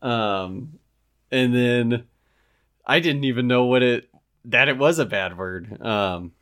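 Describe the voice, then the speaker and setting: A young man in casual chat, talking in a relaxed way and often pausing with "um" as he recounts stories. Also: medium pitch. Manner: relaxed, many "um" pauses while recounting.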